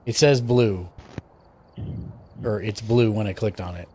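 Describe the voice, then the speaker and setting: A man's voice: lowish voice, unhurried, mellow, husky. Chatty male streamer greeting viewers. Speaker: streamer host. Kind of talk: casual gaming stream chat.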